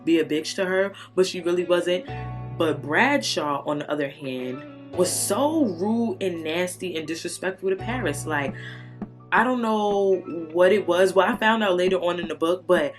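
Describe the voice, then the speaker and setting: Brief: plain-spoken woman, lowish voice, chatty book review over faint guitar. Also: moderate pace. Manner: candid, profane, animated retelling. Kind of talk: casual book review chat.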